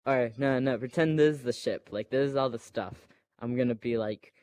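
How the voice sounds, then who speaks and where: A man's voice: mid-range voice, moderate pace, few pauses, darkish tone, dry recording. A man casually retelling a film scene by scene, full of fillers, acting out moments and sound effects.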